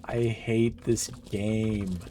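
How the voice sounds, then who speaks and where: A man's voice: on the low side, little pitch movement, extremely slow, warm tone, slight background noise. A man giving casual, exasperated commentary while playing a game, swearing and laughing as he rants. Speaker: gaming channel host.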